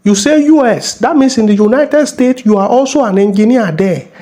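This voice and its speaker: A man's voice: very high voice, normal speed, mellow. A man playing a mocking Nigerian cop. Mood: scolding. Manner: scolding, mocking, bossy. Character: bullying middle-aged male traffic cop. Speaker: police officer character in a comedy skit.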